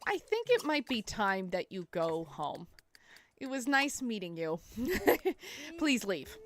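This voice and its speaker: A woman's voice: mid-range voice, fairly bright tone, no room sound. A young woman with a Canadian accent chatting casually while streaming a game, giggling often. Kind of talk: casual gameplay commentary.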